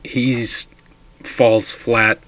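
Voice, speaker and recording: A man's voice: medium pitch, level tone, drawn-out words, fairly bright tone. A man casually telling a drunken ghost story, rambling and swearing a lot.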